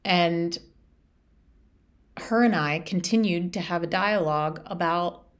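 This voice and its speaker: A woman with a somewhat low-pitched voice hosts her own podcast and talks through a personal story. She speaks earnestly and casually, circling back and restarting her sentences as she reflects. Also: slow pace, clean tone. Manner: earnest, chatty, many restarts and "like". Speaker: podcast host.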